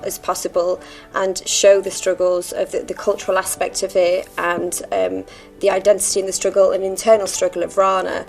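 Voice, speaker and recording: A woman actor, reflecting in a heartfelt, soft-spoken way during a farewell interview. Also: medium pitch, gravelly.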